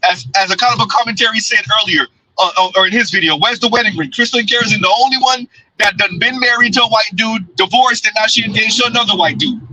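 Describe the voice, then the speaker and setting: Mocking guy ranting in his car, high bright voice, kinda husky, dry sound. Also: fast talker, few pauses, dry recording, rough recording. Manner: blunt, mocking, laughs often. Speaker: commentary show host. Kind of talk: casual live commentary. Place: in a car, in transit.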